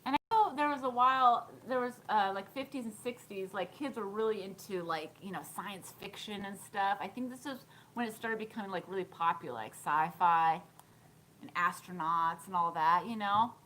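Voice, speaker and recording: Speaking at a moderate pace in a medium-pitched, slightly bright voice, this woman in her thirties runs a thrift vlog live stream. She giggles a lot while responding to comments from viewers, over slight background noise in a low-quality recording.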